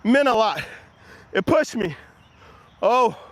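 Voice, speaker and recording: On an early-morning walk outdoors, a man hosts a live motivational walk-and-talk, filmed on a handheld camera as he moves. His voice sits high and sing-song at a slow pace, and he's slightly out of breath while energetically encouraging viewers and answering their comments.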